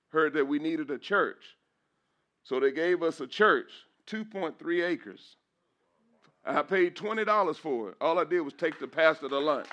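A middle-aged man preaches in church, his voice sitting a little above the usual male pitch. He is openly emotional, his voice breaking at times. He repeats phrases and lifts his voice when he turns to praise. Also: sharp tone. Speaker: pastor.

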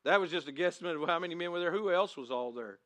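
Fast and on the high side, this man's voice carries a pastor's sermon. He prays, then reads the scriptures and performs them dramatically, shouting out crowd voices as he reenacts the scene.

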